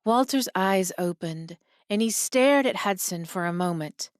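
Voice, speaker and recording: A woman reading a romance audiobook in an even, measured scripted narration. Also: medium pitch, no echo, studio quality.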